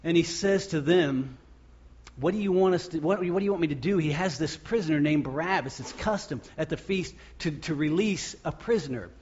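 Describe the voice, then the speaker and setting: Male pastor, animated sermon, husky, slightly high voice, lo-fi sound. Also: a little fast. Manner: animated, acts out the crowd's shouts and quotes.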